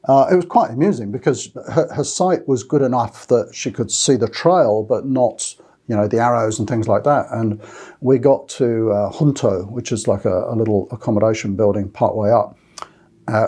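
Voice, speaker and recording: Australian man, dark husky voice. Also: mid-range voice. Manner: rambling, many fillers and restarts. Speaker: Camino walking channel host. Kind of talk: casual talk to camera with notes.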